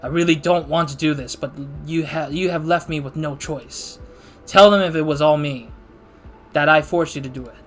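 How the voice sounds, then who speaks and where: Male streamer as determined agent father, earnest and tense, upper-middle pitch. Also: normal speed, a bit bright, soft background music, natural voice. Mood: desperate. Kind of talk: reading game dialogue aloud.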